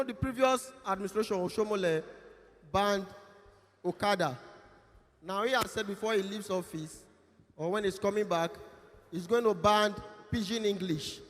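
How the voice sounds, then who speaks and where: A Nigerian man emceeing an awards event, joking and loudly announcing guests. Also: high voice. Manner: lively, joking, loud announcing. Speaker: master of ceremonies. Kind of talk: event emceeing with comic pidgin banter. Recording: long hall reverb.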